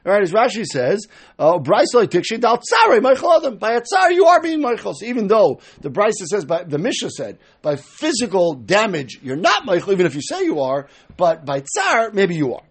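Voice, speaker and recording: Male Talmud lecturer: high, lively voice with a husky edge, walks through each step and acts out the quoted lines. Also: normal speed. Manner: explains step by step, acting out quoted speakers. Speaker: Talmud teacher.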